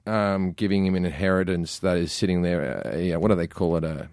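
A man's voice: deep voice, steady tone, brisk, darkish tone, no room sound, studio quality. A man who is a comedian, telling stories in casual podcast chat, swearing freely and stumbling over his words. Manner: swears freely, stammers and restarts. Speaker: comedian guest.

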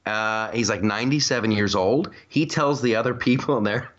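A man hosts a casual comedy podcast and rambles through his stories, restarting sentences and laughing as he goes. His voice sits at an ordinary middle pitch. The recording sounds slightly dull and lo-fi. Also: expressive, normal speed, hardly any pauses. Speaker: podcast host.

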